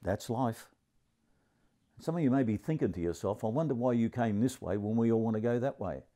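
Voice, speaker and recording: With a medium-pitched voice and a slightly fast pace, an Australian man in his seventies deadpans his way through a crude, grumpy stand-up story.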